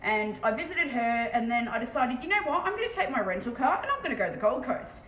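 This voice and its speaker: A woman with an Australian accent chatting fast and casually on a live stream as she paints terrain, swearing freely. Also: a little high, very animated, muffled recording. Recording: echoey room with faint background noise.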